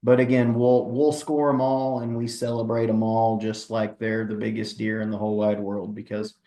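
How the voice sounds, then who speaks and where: A man's voice: lowish voice, level tone, normal speed, mellow. A man, a wildlife department presenter answering viewer questions in a casual, folksy live Q&A. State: has the hiccups.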